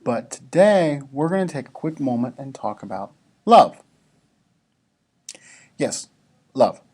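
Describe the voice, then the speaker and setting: A man giving a devotional talk to students, relaxed and conversational, with casual asides to the listeners. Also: medium pitch, slow, slightly rough.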